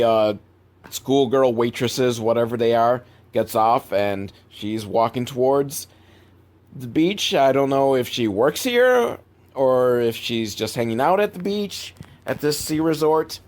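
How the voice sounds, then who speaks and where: A man's voice: medium pitch, animated, unhurried. Rambling, profane male movie reviewer. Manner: rambling, profane, laughs at bad filmmaking. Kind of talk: casual rambling movie recap.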